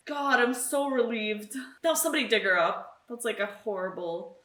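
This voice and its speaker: A woman's voice: a little high, animated, normal speed, few pauses, fairly bright tone, soft background music. A young woman reacting to a TV episode, swearing freely, laughing and tearing up as she talks. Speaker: TV reaction host. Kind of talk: casual reaction commentary. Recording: echoey room, mic from a distance. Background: show audio playing.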